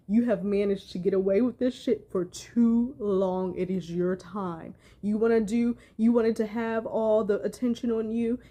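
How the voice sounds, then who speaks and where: A woman vents to her audience in a furious, profanity-laced commentary. Her voice is mellow and warm, even while she hammers each point with heavy emphasis. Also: mid-range voice. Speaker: commentary vlogger. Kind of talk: heated commentary rant.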